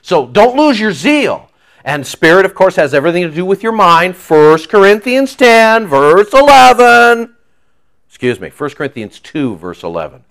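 A male pastor preaching a sermon in an animated, joking way, acting out quoted voices. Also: a little high, brisk.

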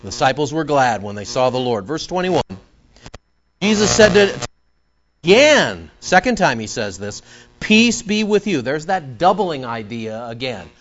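A man preaching an expository sermon, reading scripture slowly and then explaining it conversationally. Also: mid-range voice, big pitch swings, a bit bright, dull audio. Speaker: preacher teaching the Bible.

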